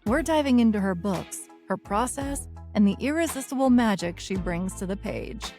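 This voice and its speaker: A woman co-hosting a romance podcast, reading the intro in a smooth, measured narrator manner. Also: mid-range voice, animated, a little mellow, faint music behind. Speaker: podcast co-host. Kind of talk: scripted podcast intro and casual chat.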